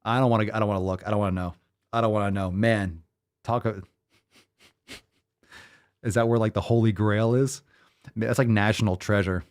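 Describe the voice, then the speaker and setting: A man's voice: fairly low pitch, fairly even intonation, normal speed, pauses often. A man hosting a show, talking in casual, profane, rambling commentary with a sarcastic, exasperated edge. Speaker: show host. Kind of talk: livestream commentary.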